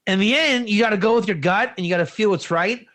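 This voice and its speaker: A man giving an informal religious teaching, conversational and animated, with rhetorical questions. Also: high-pitched, fast. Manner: animated, acts out quoted dialogue. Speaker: teacher of Proverbs.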